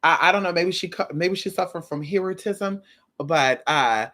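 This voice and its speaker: A woman's voice: fairly low pitch, normal speed. A woman with a slight lisp giving sassy, casual reaction commentary, talking straight to the viewer. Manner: sassy, animated, drawls "girl". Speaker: commentary host.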